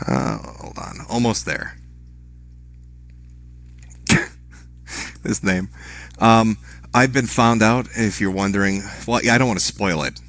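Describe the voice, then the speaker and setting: A man on a live stream speaks in a slightly low voice. His delivery is deadpan and sarcastic, with crude swearing that comes across as mock pleading. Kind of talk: livestream commentary.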